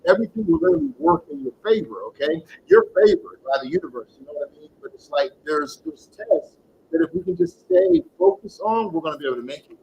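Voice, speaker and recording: A man's voice: high voice, creaky, dull audio, a little hiss or hum. A man giving live-streamed tarot readings in a slangy, encouraging way, greeting viewers and calling them baby. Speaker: tarot reader.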